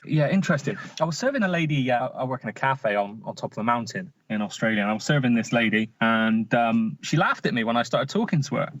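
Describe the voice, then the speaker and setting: A man with a Bristolian accent chatting easily on a podcast, his voice at a mid pitch. He talks in a laid-back, self-deprecating way, and the recording sounds slightly muffled and lo-fi. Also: expressive, fast talker, hardly any pauses, dry recording. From Bristol, England. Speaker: podcast co-host. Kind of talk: casual chat.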